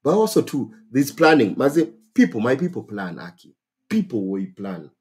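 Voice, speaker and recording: A man with a Kenyan accent hosts a casual advice stream, his voice husky and a little rough around the edges. He talks in bursts, exclaiming and circling back to repeat key phrases for emphasis, sitting at an ordinary middle pitch for a man. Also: huge pitch swings, normal speed, darkish tone. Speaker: host.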